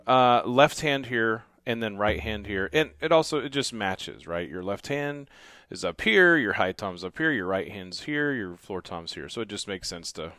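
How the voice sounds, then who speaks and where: A man teaching drums, calling out bass, snare and crash hits as he plays, then explaining in a relaxed, casual way in a drum studio. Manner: calls out drum parts loudly, then explains in a quieter casual voice. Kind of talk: demonstrating beats while counting aloud. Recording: loud drums over the voice. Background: drum kit playing.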